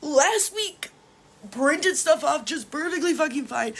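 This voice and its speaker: High-voiced woman in a tearful rant. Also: a little hiss or hum. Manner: furious, swearing, tearful rant. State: crying. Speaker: vlogger. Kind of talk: angry ranting vlog.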